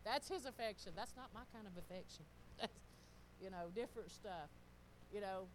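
A middle-aged woman, telling stories in a casual sermon, animated and laughing often as she talks to the congregation. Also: mid-range voice, moderate pace, a little hiss or hum, rough recording. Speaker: pastor's wife.

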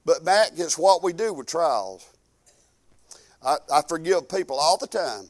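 A high-voiced man preaching from the pulpit. He talks in a folksy, homespun way. He moves from loud, pressing exhortation to low, quiet asides. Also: lively intonation, measured pace, long pauses. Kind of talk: sermon.

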